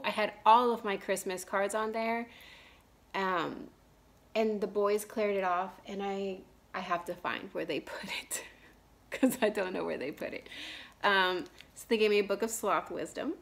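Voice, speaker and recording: A woman in her thirties from Texas, chatting casually into the camera as a cross-stitch vlogger. She rambles along, full of fillers and restarts, and clears her throat now and then because of allergies. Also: medium pitch, measured pace, a bit bright. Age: 30s. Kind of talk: casual chat.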